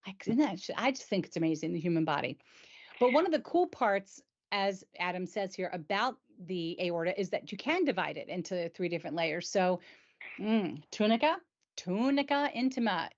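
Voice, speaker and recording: A woman's voice: on the low side, animated, brisk. A woman hosting a casual explainer chat, enthusiastic and chatty, sometimes tripping over medical terms. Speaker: host. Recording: dull lo-fi sound.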